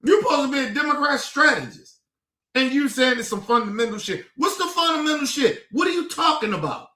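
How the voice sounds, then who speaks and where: A man ranting profanely and with exasperation in casual political commentary, now and then breaking into shouts. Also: very high-pitched, expressive, fairly quick, reverberant.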